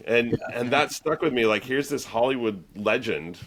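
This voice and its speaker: A man's voice: mid-range voice, normal speed, fairly bright tone. A man interviewing a guest, talking eagerly and often restarting his sentences. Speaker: interviewer, user group host. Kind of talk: conversational interview.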